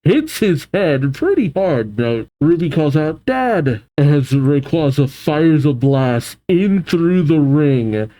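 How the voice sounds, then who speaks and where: A man reading a comic aloud and reacting to it, animated, laughing often and voicing the characters. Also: fairly high pitch, slow pace, few pauses.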